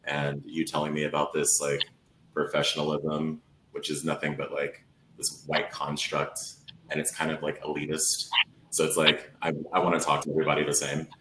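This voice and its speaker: A man's voice: a bass voice, monotone, normal speed. A man bartender speaking bluntly and wearily on a panel discussion. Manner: tired, blunt, emphatic. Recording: echoey room, faint hum.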